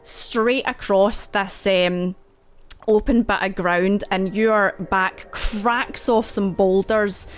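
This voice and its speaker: A woman running a tabletop horror game, narrating slowly and unhurriedly. She rambles along with fillers and little asides, her pitch sitting in an ordinary middle range. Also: steady tone, clear, resonant tone. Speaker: game master.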